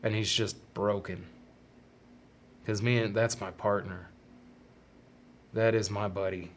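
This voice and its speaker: A man hosting a solo podcast, talking earnestly and haltingly about fatherhood and fear of death, often restarting his sentences. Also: lowish voice, fairly even intonation, a little hiss or hum. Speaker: podcast host. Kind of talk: reflective solo podcast monologue.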